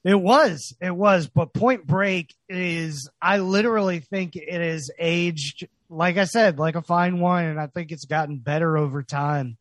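A man's voice: on the high side, unhurried, few pauses, dry recording. A man co-hosting a podcast in casual chat, upbeat and hyped, joking with his friends. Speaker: podcast co-host.

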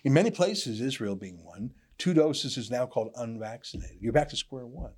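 A man's voice: medium pitch, lively intonation, moderate pace, a little mellow, breathy edge. A man delivering opinion commentary in an emphatic, sarcastic manner. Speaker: political commentator.

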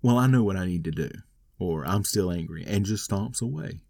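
Deep gravelly man telling a story. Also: lively intonation, moderate pace, a little mellow, dry recording, clean studio sound. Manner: rambling, wry, self-deprecating. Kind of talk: casual storytelling monologue.

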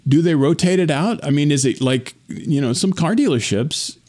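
A man's voice: a little high, lively intonation, normal speed, a little mellow. A man co-hosting a casual chat, rambling through his points and chuckling as he talks. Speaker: podcast co-host.

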